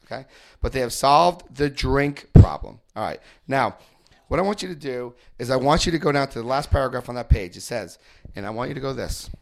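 A man's voice: medium pitch, vocal fry. A man giving a jokey workshop talk to a live audience of hundreds, throwing rhetorical questions at the crowd. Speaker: recovery workshop speaker. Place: large hall with an audience.

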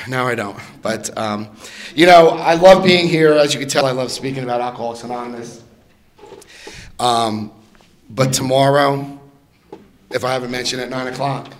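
Rambling, joking middle-aged man telling stories. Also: a little hiss or hum. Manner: joking, chatty, rambling with many fillers and restarts; jumps into high put-on voices when quoting others. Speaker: speaker sharing his story at a recovery meeting. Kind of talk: humorous personal storytelling to an audience.

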